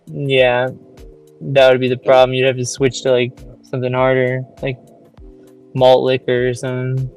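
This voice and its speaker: A man's voice: medium pitch, monotone, normal speed, darkish tone, clean tone, faint music behind. A man chatting casually in a laid-back, matter-of-fact way. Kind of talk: casual chat.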